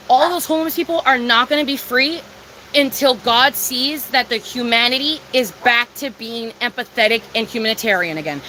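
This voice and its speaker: A woman's voice: high-pitched, pushed and bright, slight background noise. A young woman talking casually from home during a livestream, emphatic and profane, answering her chat.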